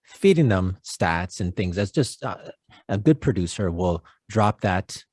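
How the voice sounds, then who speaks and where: Deep-voiced relaxed man co-host. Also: a little slow, dry recording. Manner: relaxed, affirming, many fillers. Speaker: podcast co-host. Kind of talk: casual sports chat.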